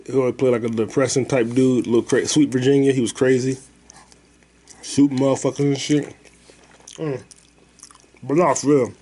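A man's voice: mid-range voice, little pitch movement, normal speed, pauses often, mellow, slightly rough. A man hosting a podcast, rambling through stories and movie talk in a loose, profane, slangy way. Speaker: podcast host. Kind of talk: casual podcast chat.

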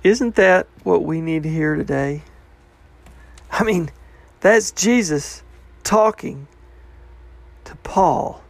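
A man's voice: on the high side, slow pace, gravelly, pauses often, no echo. Earnest man reading and explaining scripture. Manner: earnest, reflective, drops to a hushed voice. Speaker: Bible teacher.

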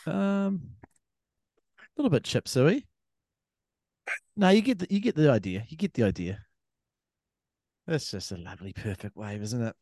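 Man, New Zealand accent, young adult, podcast co-host, casual crude banter, very lively pitch, dry close sound. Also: normal speed, pauses often, no echo. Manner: laughs a lot, crude teasing.

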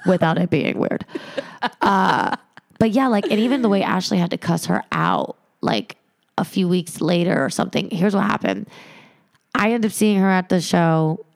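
A woman telling a wild personal story on a podcast, profane and animated, acting out the other people in it. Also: fairly low pitch, gravelly. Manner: animated, profane, acts out quoted voices. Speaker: podcast guest. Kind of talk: casual storytelling chat.

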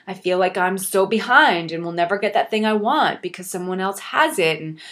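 A young woman talks straight to her listeners in a motivational podcast monologue. She is earnest and encouraging, and she reflects openly on her own doubts. Her voice sits in a middle pitch. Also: expressive, normal speed, fairly bright tone. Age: young adult. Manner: speaks directly to the listener. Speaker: podcast host.

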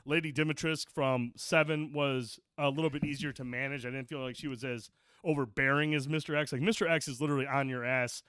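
Bright-voiced man ranting casually. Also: medium pitch, fairly even intonation, fast talker, clean tone, no room sound, studio quality. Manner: profane, rambling storyteller. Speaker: podcast co-host. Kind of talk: casual chat.

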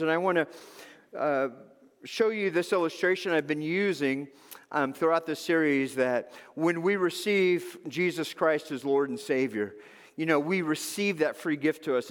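High-voiced pastor man in an echoing hall. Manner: animated storyteller, acts out bits. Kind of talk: sermon with a humorous story.

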